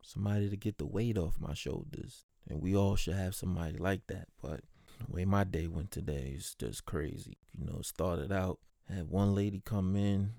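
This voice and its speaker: A man with a lowish voice recounts his day as a postal clerk in a loose, animated way. He swears freely and slips into imitations of customers. His tone is mellow and warm, and the sound is dry and close. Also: moderate pace, vocal fry, no room sound. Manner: animated, swears freely, mimics people he talks about. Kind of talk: casual storytelling about his workday.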